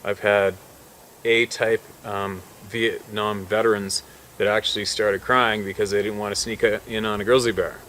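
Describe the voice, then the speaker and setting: A man, a hunting guide, telling a wild story in a casual, animated way and swearing freely. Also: on the low side, moderate pace, a little hiss or hum. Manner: swearing, animated storyteller who swings between hushed and loud.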